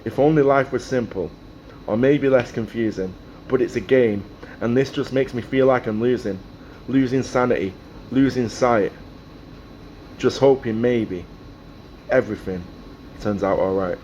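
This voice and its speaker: A man reads his own poem in a measured, rhythmic spoken word delivery. His voice sits in a middle pitch range. A faint ambient hiss runs under it. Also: darkish tone, muffled recording. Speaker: guest poet and performer. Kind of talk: spoken word poetry performance.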